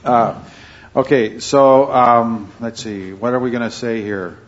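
Rambling, halting man teaching a Bible class. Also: medium pitch. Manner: rambling, halting, with many fillers and restarts. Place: indoor classroom with a wall clock. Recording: slightly muffled recording.

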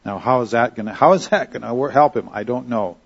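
A man leads a Bible study in a relaxed, conversational way and keeps checking in with "okay?" and "all right?". His voice sits at a middle pitch. The recording is dull and a little lo-fi. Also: fast, breathy edge. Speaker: Bible teacher.

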